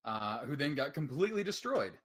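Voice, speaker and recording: A man running a tabletop game, chatting casually and haltingly over a computer voice call. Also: fairly high pitch, very animated, slightly rough. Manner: halting, self-deprecating, restarts often. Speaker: game master. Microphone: computer mic on voice call.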